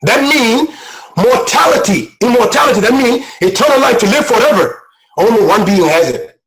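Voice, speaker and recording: Brief: male guest preacher, high-pitched, fervent and emotional, sermon delivery. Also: lively intonation, moderate pace, poor audio. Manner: impassioned, repetitive, rising to shouts. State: emotional, near tears.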